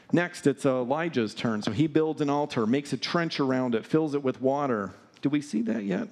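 Animated, joking preacher man. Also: mid-range voice. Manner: animated and humorous, acting out the scripture with mocking voices. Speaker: pastor. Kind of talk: sermon.

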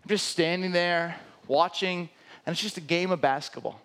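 A man telling a personal story in a lively way, often laughing as he speaks. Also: high voice, normal speed. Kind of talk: animated storytelling talk.

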